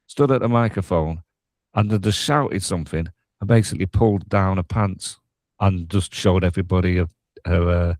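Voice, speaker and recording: A man hosting a casual chat, telling a story in a relaxed, hesitant way. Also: sits low, normal speed, dry recording.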